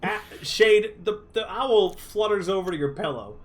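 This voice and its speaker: High-voiced man running a tabletop game. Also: lively intonation, measured pace, faint music behind. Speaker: game master.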